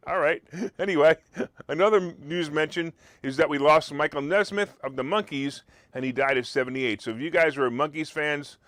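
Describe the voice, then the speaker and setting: A man's voice: fairly high pitch, a bit bright, dry recording, clean studio sound. A man hosting a political talk radio show, talking in sarcastic, mocking rants.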